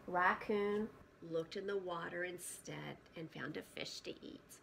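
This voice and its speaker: A woman preschool teacher reading a picture book aloud to children, gentle and often hushed, stopping to ask questions. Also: lowish voice, measured pace, gravelly, slight background noise.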